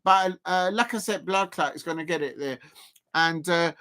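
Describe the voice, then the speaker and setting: A man doing live football reaction commentary as a streamer, chatty and quick to exclaim. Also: a little high, bright, forceful tone. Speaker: live watch-along streamer.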